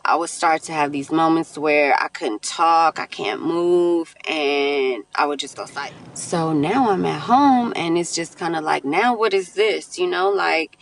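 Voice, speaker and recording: A woman, a mother, candidly telling a personal story in a casual vlog, animated and quoting her own thoughts. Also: sits low, measured pace, hardly any pauses. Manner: candid, animated retelling with laughs and quoted inner voices.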